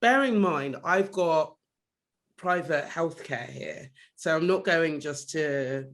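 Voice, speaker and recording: A young man from London chats on a podcast in a fairly high voice. He tells his stories with energy and drops the odd swear word when he gets heated. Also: slow. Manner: animated storytelling, swears when recounting anger. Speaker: podcast co-host. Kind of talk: casual chat.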